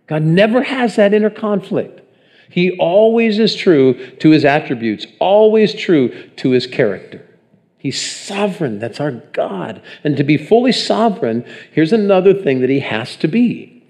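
A man's voice: a little high, big pitch swings, normal speed, a little mellow. A man preaching a sermon in a conversational way, often putting questions to the congregation. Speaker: pastor.

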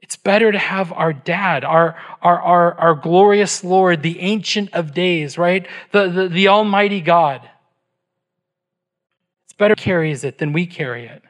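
Middle-aged pastor guy preaching, pretty high voice, talks slow and emphatic, keeps asking right?. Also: fairly bright tone. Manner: emphatic, rhetorical questions, tag "right?". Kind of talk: sermon.

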